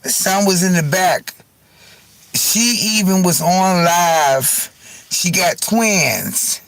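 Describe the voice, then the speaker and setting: A livestream host speaks extremely slowly in a creaky, high-sitting voice, captured in poor audio without room sound. Chatting casually with viewers, he tells animated, gossipy stories, cursing freely and laughing frequently.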